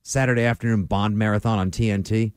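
A man's voice: lowish voice, steady tone, fast talker, a little mellow, clear, resonant tone, no room sound, clean studio sound. A man co-hosting a radio talk show, giving strong opinions with emphasis. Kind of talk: casual radio banter.

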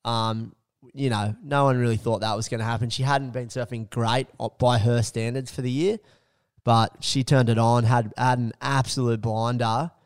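A man's voice: mid-range voice, fairly even intonation, moderate pace, clear, resonant tone. An Australian man co-hosting a sports podcast, talking casually and rambling with lots of fillers. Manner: rambling, lots of fillers, drops quieter when musing. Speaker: co-host.

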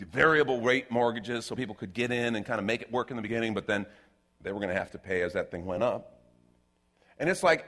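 A man preaching a sermon in an animated, rhetorical way, with sarcastic asides. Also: mid-range voice.

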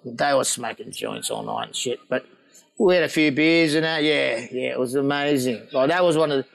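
A man's voice: medium pitch, normal speed, creaky, poor audio. An Australian man telling rowdy stories in casual chat, swearing, laughing and acting out what people said. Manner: animated, swearing, laughing, acting out quoted voices.

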